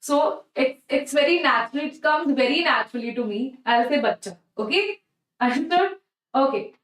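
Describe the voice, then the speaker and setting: In poor, distant audio with a roomy sound, a woman with an Indian English accent gives a chemistry exam-prep lecture. Her high, fairly bright voice is animated at a moderate pace, and she repeats herself coaxingly, checking "okay? right?" often.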